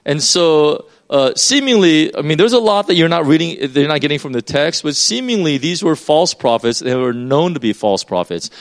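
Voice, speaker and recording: A man preaching a sermon in a loose, conversational way, explaining as he goes with many fillers and restarts. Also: on the high side.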